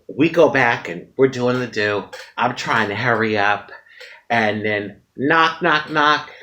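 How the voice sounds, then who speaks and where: Animated woman telling a frank story. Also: very deep voice. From United States. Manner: frank, animated, dramatic retelling with frequent laughter. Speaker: vlogger. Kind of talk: casual storytelling to camera.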